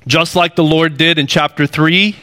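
A man's voice: fairly high pitch, steady tone, moderate pace, bright, forceful tone. A man preaching a sermon in an earnest, conversational way, building emphasis with rising phrases. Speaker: pastor.

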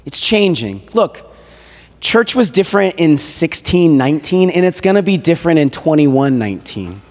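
A man giving a sermon as a guest preacher, retelling a story in a conversational, animated way with casual fillers. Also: fairly high pitch, normal speed. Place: church hall. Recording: echoey hall reverb.

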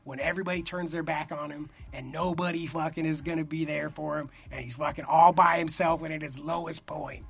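Young male host, rambling and excitable, high and husky, swears freely. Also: fairly quick, few pauses. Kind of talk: casual chat.

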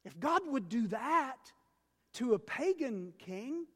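High-voiced preacher man, hammering his points, lots of church echo. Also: sing-song, takes it slowly, slightly rough. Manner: emphatic, repeats key words, builds then drops quiet. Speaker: pastor. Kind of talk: sermon.

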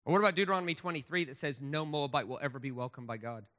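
A man with a high, ringing voice preaches a sermon. He is emphatic and restarts his phrases often. His voice carries a long reverb from a church sanctuary. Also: lively intonation, rapid-fire, pushed and bright. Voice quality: emphatic, with lots of stammered restarts.

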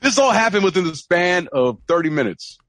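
A man's voice: high-pitched, a little fast, no room sound. A man co-hosting a podcast, chatting casually and telling a story with lots of acted-out quotes. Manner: animated storytelling, acts out quoted voices. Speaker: podcast co-host. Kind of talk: casual chat.

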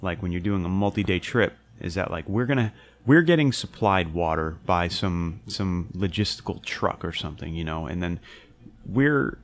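A young man with a very deep voice talks loosely in a casual chat. He rambles through his story with lots of fillers and restarts, and he swears freely. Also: moderate pace. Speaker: podcast co-host recounting a hiking trip.

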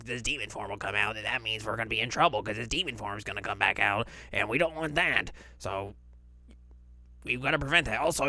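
Fretful little flea servant, hushed and grumbly, as a man puts him on, dry close sound. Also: medium pitch, no room sound. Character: fretful tiny flea demon retainer, male.

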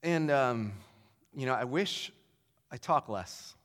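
A man's voice: medium pitch, animated, slow, fairly bright tone, big-room sound. A man telling a personal faith story in an earnest, rambling way, with many fillers and restarts. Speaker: storyteller sharing a testimony. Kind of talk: casual spoken testimony.

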